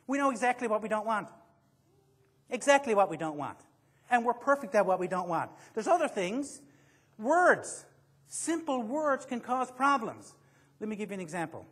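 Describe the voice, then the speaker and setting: A man's voice: high-pitched, big pitch swings, moderate pace, fairly bright tone, husky. A man giving a motivational seminar to a live audience, joking and quizzing the listeners as he goes. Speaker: motivational speaker.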